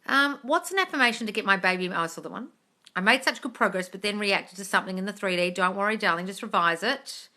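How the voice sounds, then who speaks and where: A woman hosts a casual live-stream Q&A, reading viewers' questions and answering them bluntly. Her voice is bright and forward, and she swears without hesitation while calling her listeners darling. She sounds like she is talking into a phone at home. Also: medium pitch, fast talker.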